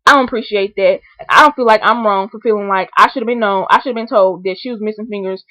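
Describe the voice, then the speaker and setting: A woman vlogging a comedic rant, animated and indignant. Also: medium pitch, quick pace, dry recording, poor audio. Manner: animated, indignant, acts out scenarios in voices.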